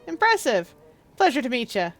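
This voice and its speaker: A woman's voice: sits high, big pitch swings, normal speed, soft background music, pitched above the performer's own voice. A woman voicing a boastful, street-wise rat-catcher shopkeeper in a chatty, cheeky manner as she reads a text game aloud.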